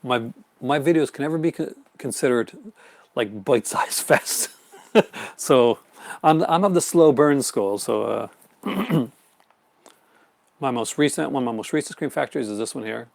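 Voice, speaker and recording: Gravelly, enthusiastic man chatting casually. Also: medium pitch, normal speed, pauses often, a little mellow, no echo. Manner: rambling and enthusiastic, with many fillers and restarts; answers viewer chat comments. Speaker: horror film collector hosting a live stream. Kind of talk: casual live-stream chat.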